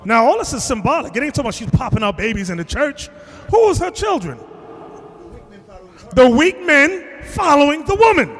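A man's voice: extremely high pitch, sing-song, fairly quick, a bit bright. A man, a bishop, preaching a lesson in an emphatic, confrontational way and often raising his voice. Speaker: bishop teaching a class. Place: classroom in a large reverberant hall. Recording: long hall reverb.

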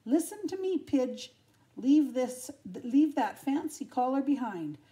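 A woman's voice: high-pitched, very animated, slow, mellow, pitched above the performer's own voice, exaggerated voice. An older woman voicing a cocky, streetwise male mongrel dog in a breezy, jaunty way for a storybook.

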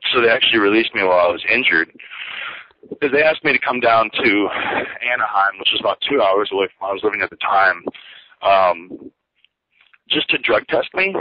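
A man's voice: fairly low pitch, a little hiss or hum. A former pro wrestler, a man, giving a candid, rambling account of his career as an interview guest. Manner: rambling, many fillers and asides. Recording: dull dry lo-fi audio.

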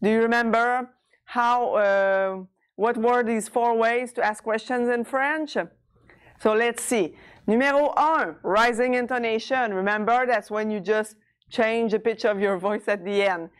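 A woman teaching French grammar in English, patiently checking understanding and sounding out French words slowly. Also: fairly high pitch, fairly even intonation, clean tone. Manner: switches between French and English, says words slowly to model them. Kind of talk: explaining a language lesson.

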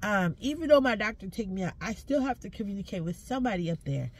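A woman's voice: medium pitch, expressive, fast. A woman ranting to camera from inside a car, emphatic and full of curse words, preaching between complaints. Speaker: social media creator.

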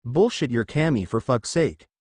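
A man's voice: mid-range voice, animated, moderate pace, darkish tone, breathy edge, dry recording. Naruto, a man doing a defiant young ninja. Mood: furious taunting. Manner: defiant, taunting. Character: defiant hot-tempered young male ninja.

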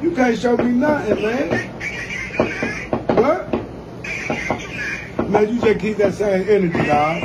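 A man's voice: high voice, takes it slowly, long pauses, very noisy. A man ribbing a friend on a phone call in a teasing, mock-threatening way. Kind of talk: comedic phone banter.

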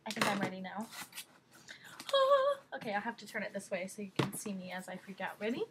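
A woman opening a package for her vlog, gushing and excitable, often squealing. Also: mid-range voice, fairly quick, noisy background. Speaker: vlogger.

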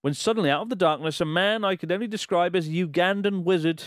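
A man's voice: high voice, fast, dry recording, clean studio sound. A man co-hosting a podcast, reading a listener's letter aloud in a casual way, laughing and swearing in disbelief as he goes. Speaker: podcast co-host.

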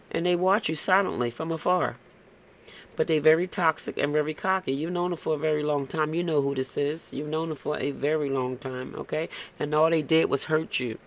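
A man's voice: a little high, gravelly. A man giving a casual, blunt tarot reading, tagging "okay?" onto his points and cursing freely. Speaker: tarot reader.

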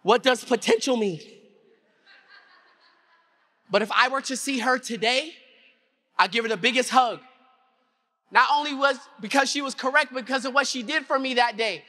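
Very high-voiced, bright male keynote speaker. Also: a little fast. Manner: animated, acts out scenes, asks the audience questions. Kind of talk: motivational keynote storytelling. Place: conference hall before an audience.

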